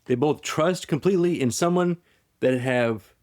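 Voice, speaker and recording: A man hosting a podcast, retelling a story in casual chat, rambling and animated with lots of restarts. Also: fairly high pitch, moderate pace. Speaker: podcast host.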